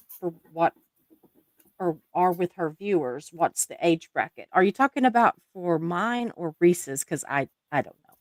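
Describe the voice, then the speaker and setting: An accented woman hosts a casual live stream, reading out viewer comments with frequent laughter. Her voice sits a little low, and the sound is dry and close with no room around it. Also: fairly bright tone, dry recording. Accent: non-native English accent. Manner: chatty, laughs often.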